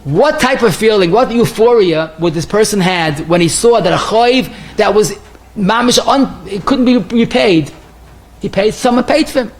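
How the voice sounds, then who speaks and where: Animated high-voiced male rabbi lecturing. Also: normal speed. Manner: animated storyteller, swinging pitch and pace widely. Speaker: rabbi giving a Torah lecture. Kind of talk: lecture sermon with told stories.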